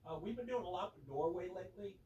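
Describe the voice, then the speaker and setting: Boastful man with a lively voice, far off. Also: high voice, quick pace, highs cut off. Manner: boastful, rambling, laughs often. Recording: echoey, distant, faint noise.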